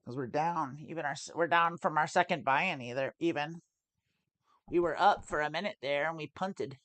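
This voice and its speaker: A woman with a low, fairly bright voice hosts a live poker stream, talking at a moderate pace as she explains each decision. Thinking aloud, she often restarts her phrases, and the recording has no room sound.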